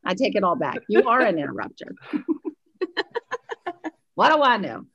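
A woman's voice: medium pitch, sing-song, moderate pace, vocal fry, fairly bright tone, breathy edge, no room sound, muffled recording. A woman in her fifties, a guest expert chatting casually on a podcast, talking chatty and self-deprecating.

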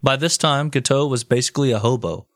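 A man's voice: medium pitch, a little fast, no echo, studio quality. A man co-hosting a podcast, telling a history story in casual chat, swearing freely. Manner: swearing, animated, deadpan jokes. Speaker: podcast co-host.

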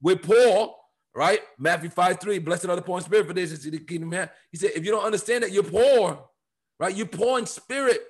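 A man co-hosting a church podcast, talking through Bible verses in an emphatic, animated preaching manner. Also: sits high, brisk, slightly rough. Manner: emphatic, animated, quotes scripture with rising fervor. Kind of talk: preaching conversational Bible talk.

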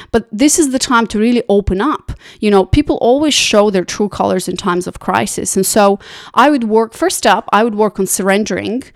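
A woman's voice: medium pitch, no room sound, clean studio sound. A woman life coach talking straight to camera, giving earnest, conversational advice with lots of "like" and "you know".

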